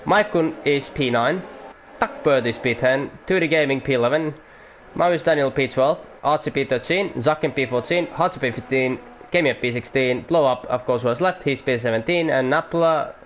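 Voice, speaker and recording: A man giving casual, rambling commentary on an online racing league, excitable and full of fillers. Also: mid-range voice, moderate pace, a little hiss or hum.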